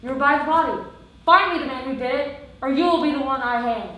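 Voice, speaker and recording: A woman's voice: high voice, fast talker, sharp tone. A teenage girl in a live school stage play, playing a stern, commanding male king who proclaims decrees and snaps orders. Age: teens. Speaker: student actor. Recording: echoey hall, distant stage mic, faint hiss.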